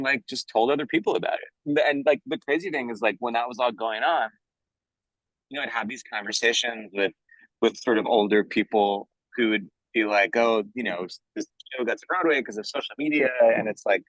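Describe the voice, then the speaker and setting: A man's voice: on the low side, a bit bright, no room sound, rough recording. A man giving casual interview answers about his theater work, chatty and earnest, full of "like" and "you know". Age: adult, working in theater for years. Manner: enthusiastic, earnest. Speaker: musical theater composer, interview guest.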